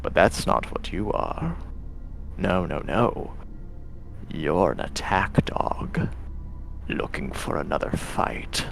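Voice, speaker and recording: A man voicing a disembodied, sinister voice in whispered role-play, slow, hushed and coaxing. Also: low-pitched, expressive, creaky, a little hiss or hum, voice pushed down, full character voice. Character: disembodied tempting voice, sinister and patient.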